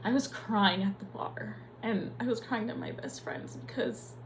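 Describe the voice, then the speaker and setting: A woman's voice: a little high, a little slow, slight background noise, poor audio. A young adult woman, a nurse, speaking in a candid, profane and emotional personal vlog.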